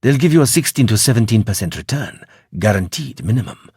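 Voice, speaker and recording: Earnest investor man, male narrator doing him; husky, dry audiobook read. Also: lowish voice, sing-song, brisk, darkish tone, no echo, heavily acted. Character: earnest African investor in robes.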